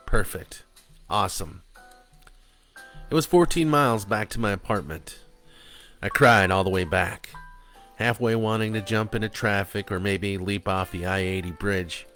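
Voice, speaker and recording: A man reading his own dark prose and poetry aloud in a blunt, confessional manner. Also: on the low side, normal speed, faint music behind.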